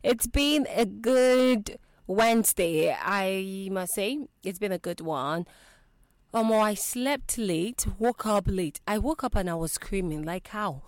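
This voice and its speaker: A woman's voice: mid-range voice, lively intonation, slow, no echo, clean studio sound. A young Nigerian woman hosting a radio show, chatty and bubbly, repeating her greetings to listeners. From southeast Nigeria. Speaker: radio presenter. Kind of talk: lively radio show chat. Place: radio studio. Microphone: studio microphone.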